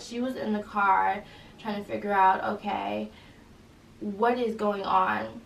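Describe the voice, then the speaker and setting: Young woman with a gravelly, flat voice. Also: mid-range voice. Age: young adult. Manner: halting, with many "like" fillers. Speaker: interviewee, college student. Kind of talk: recounting an incident in an interview. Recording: roomy echo, distant mic, faint noise.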